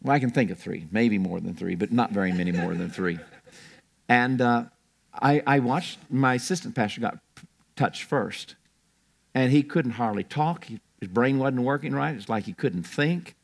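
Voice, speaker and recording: Gravelly older man preaching. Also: medium pitch, moderate pace. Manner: storytelling, rambling with restarts. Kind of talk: sermon. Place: church.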